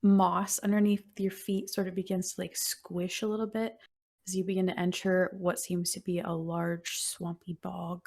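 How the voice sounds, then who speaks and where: A woman narrating as game master of a tabletop role-playing game, describing scenes in an unhurried, descriptive way. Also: on the low side, level tone, darkish tone.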